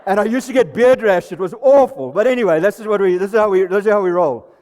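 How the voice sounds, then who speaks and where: A man's voice: high-pitched, fast talker, darkish tone. A South African man in his sixties giving a comic, self-deprecating talk on stage at a live presentation night. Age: 60s. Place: live event venue hall. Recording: reverberant hall recording.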